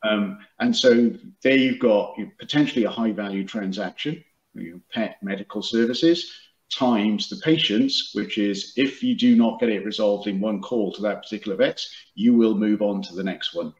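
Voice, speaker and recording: A man's voice: fairly low pitch, moderate pace. A man, a company executive, explaining his business in an interview over a video call, with many fillers and restarts. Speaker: guest, product and marketing executive. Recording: echoey room, dull lo-fi sound.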